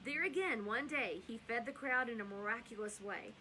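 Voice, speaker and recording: A woman's voice: a little high, moderate pace, pushed and bright, a little hiss or hum, poor audio. Chatty woman telling a bedtime Bible story. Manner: chatty, with rambling asides and self-corrections. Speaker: storyteller and host.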